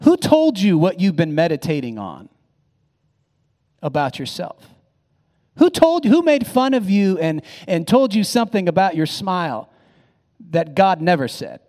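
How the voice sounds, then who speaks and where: A man's voice: high-pitched, big pitch swings, measured pace, pauses often, darkish tone, long reverb tail. A pastor delivering a sermon. He preaches emphatically, with phrases that rise and swell, and he often repeats or restarts words.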